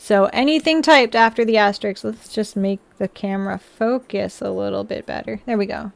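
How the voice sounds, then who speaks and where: A woman's voice: medium pitch, moderate pace, creaky, few pauses. A young woman hosting a model-building livestream, chatting casually and teasing her viewers and pets with frequent giggles.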